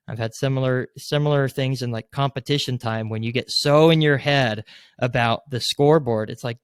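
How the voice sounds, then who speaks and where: A man's voice: medium pitch, moderate pace, clear, resonant tone, dry recording, studio quality. Rambling man telling a story on a podcast. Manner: rambling, filler-heavy, leans on "like"; acts out quoted lines, gets loud in retelling. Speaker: door-to-door sales rep, podcast guest. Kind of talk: casual interview storytelling.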